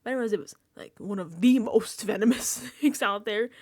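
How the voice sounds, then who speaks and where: A young woman chatting casually on a reality-TV recap vlog, animated and laughing, acting out quotes and swearing freely. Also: mid-range voice, a little fast, no echo, clean studio sound. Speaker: recap vlogger. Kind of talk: casual reality-TV reaction chat.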